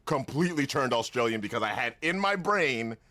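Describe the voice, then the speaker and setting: A man's voice: mid-range voice, animated, fairly quick, bright, forceful tone, no room sound. A man hosting a casual podcast, rambling with lots of restarts and laughing often. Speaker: podcast host.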